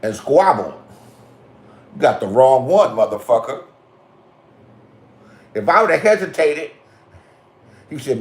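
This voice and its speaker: Middle-aged Californian man, profane ranting storyteller, slightly high voice, recorded in a roomy space. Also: expressive, unhurried, long pauses. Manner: crude, swearing, confrontational storytelling. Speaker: vlogger. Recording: roomy echo.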